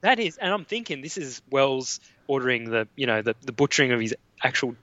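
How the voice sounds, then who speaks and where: An Australian man with a bright, forceful voice talks about films in a halting, casual way, full of ums and restarts. The sound is dry and a bit dull. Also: mid-range voice, very animated, dry recording. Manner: hesitant, many fillers and restarts. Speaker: guest. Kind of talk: casual film discussion.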